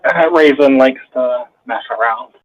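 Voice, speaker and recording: A man's voice: medium pitch, unhurried, lo-fi sound, faint music behind. A man playing a tabletop game, hesitant and sheepish, stumbling over uh's. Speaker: player.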